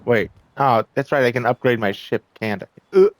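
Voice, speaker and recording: A man's voice: medium pitch, steady tone, normal speed, no echo. A man giving casual, self-mocking let's-play commentary, reacting to the game and swearing now and then. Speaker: gameplay commentator.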